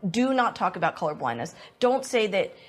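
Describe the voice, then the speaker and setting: A woman's voice: medium pitch, very animated, brisk. A woman speaking directly and in a lecturing way during a dinner party discussion.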